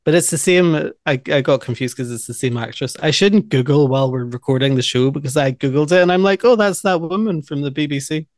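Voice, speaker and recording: A man's voice: a little high, brisk, few pauses, dry recording, studio quality. A man co-hosting a podcast, chatting casually about a movie, laughing and jumping in with favorite lines. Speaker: podcast co-host. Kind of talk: casual movie recap chat.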